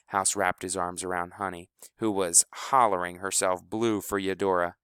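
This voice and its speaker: A man narrating a storybook aloud in a measured, expressive reading. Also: deep voice, clear, resonant tone, no room sound, studio quality. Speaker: audiobook narrator.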